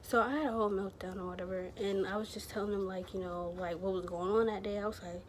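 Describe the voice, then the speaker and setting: A woman of middle pitch talks straight to her camera at home, rambling through a story in a loose, chatty way. She piles on fillers and slang as she goes, over a faint hiss of room noise. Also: steady tone, quick pace. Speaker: vlogger.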